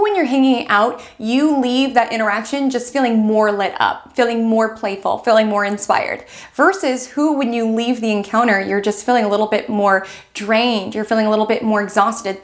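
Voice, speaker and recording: Woman, astrologer, casual horoscope chat, chatty, lots of "like", a bit high-pitched. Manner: chatty, acts out quoted friends, fills with "like". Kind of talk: casual weekly horoscope talk.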